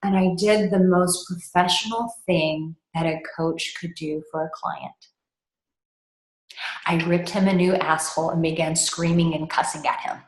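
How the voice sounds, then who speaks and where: A woman's voice: fairly low pitch, fairly even intonation, measured pace. A woman intimacy coach telling a personal client story in conversation, candid and blunt, with frank profanity. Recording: echoey room.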